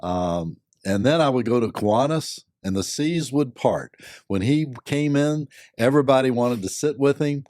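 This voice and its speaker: An older man, a company board member and lawyer, giving measured, thoughtful answers with many pauses and fillers. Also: medium pitch, lively intonation, a little mellow, no echo, clean studio sound. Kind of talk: reflective interview answers.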